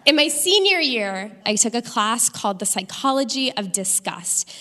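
A young adult woman doing a stand-up comedy set on a theater stage, landing punchlines deadpan in an animated delivery. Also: on the high side, normal speed, big-room sound. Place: theater stage with live audience.

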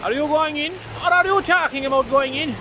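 An actor playing a blunt, grumbling older man at the beach, gruff and teasing. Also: extremely high pitch, brisk. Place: outdoors at a windy beach. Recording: wind and waves noise. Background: wind and surf.

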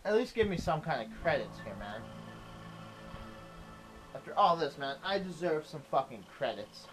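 A man's voice: on the high side, sing-song, normal speed, fairly bright tone, faint music behind. Profane ranting young male gamer. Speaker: let's play gamer. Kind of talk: casual game commentary.

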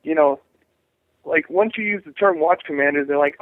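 A man's voice: a little high, normal speed, no echo. A man being interviewed as a jury rights activist, talking animatedly, restarting phrases and acting out the voices of others. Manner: animated, acts out quoted voices, many restarts. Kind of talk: interview over phone. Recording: tinny phone line.

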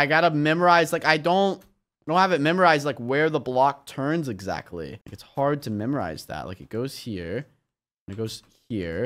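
An excitable young man narrating his own gameplay for viewers. His pitch leaps and swoops as he cheers and groans over every jump. He chats casually and yelps "flip" instead of swearing. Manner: chats to viewers while playing. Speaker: YouTuber playing a game. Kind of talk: let's play commentary.

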